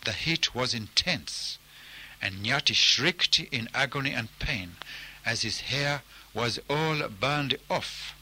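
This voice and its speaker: A man telling a folk tale with slow, measured care. His voice is very bright and ringing, and he lets each phrase land before moving on. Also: mid-range voice, animated, breathy edge, low-quality recording. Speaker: narrator. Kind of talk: storytelling narration.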